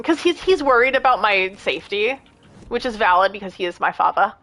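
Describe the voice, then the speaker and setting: A woman's voice: on the high side, expressive, brisk, a bit bright. A woman in her late thirties chatting casually with her stream audience, rambling from one story to the next, laughing often and going off on rants. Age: late 30s.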